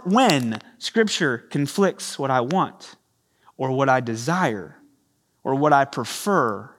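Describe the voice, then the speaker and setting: A man's voice: medium pitch, slow. A man preaching a sermon from a church stage into a microphone, acting out the voices he quotes. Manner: animated, acts out quoted voices. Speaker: pastor. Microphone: handheld or stage microphone.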